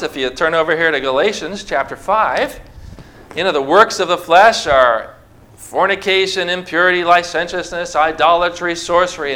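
A pastor with a high, bright voice preaches to his congregation in church, addressing them directly. His conversational style relies on rhetorical questions and hands-on object lessons.

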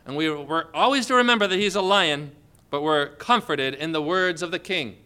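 A male preacher giving an earnest devotional sermon in a bright, fairly high voice. His tone is clear and crisp, and he leans on expressive rhetorical questions. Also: normal speed.

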